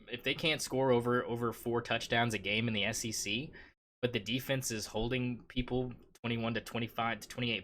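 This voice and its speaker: Bright-voiced man rambling about sports. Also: mid-range voice, slight background noise. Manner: rambling, repeats "I mean". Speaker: podcast host. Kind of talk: casual sports chat.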